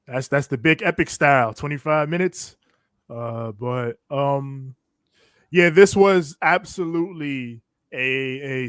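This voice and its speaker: A man's voice: mid-range voice, no room sound, studio quality. A man co-hosting a casual wrestling reaction chat, laid-back and agreeable in his talk. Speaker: podcast co-host.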